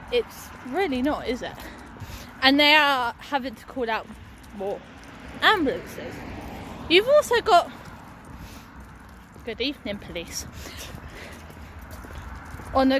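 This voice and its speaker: Young girl filming herself outside, swears a lot, very up and down voice. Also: sits high. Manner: chatty, swears casually, laughs often. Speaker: vlogger. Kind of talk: casual walking vlog. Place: outdoors on a busy street by a bus stop. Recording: loud street traffic noise outdoors. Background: passing traffic and buses.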